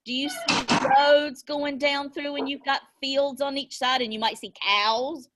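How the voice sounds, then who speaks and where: A high-pitched woman teaches a class of young children over a video call. She takes her time, drawing words out in an encouraging sing-song. Little gasps of delight punctuate her questions. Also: fairly even intonation, unhurried, fairly bright tone.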